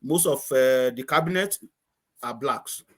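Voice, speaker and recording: A man's voice: medium pitch, unhurried. A man with an Antiguan accent, a guest in a casual chat, telling stories with repeated words and frequent laughter over a video call.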